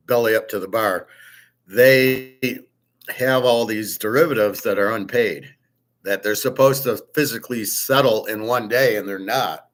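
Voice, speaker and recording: A man's voice: fairly low pitch, fairly bright tone. A man hosting his own show, talking casually in a rambling, opinionated and blunt way, sometimes swearing. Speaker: host. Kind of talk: casual unscripted monologue.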